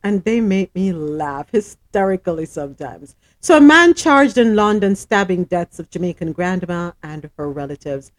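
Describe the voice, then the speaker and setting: A woman's voice: lowish voice, lively intonation, normal speed. A woman hosting a live radio show, chatting with laughter and reading news items aloud.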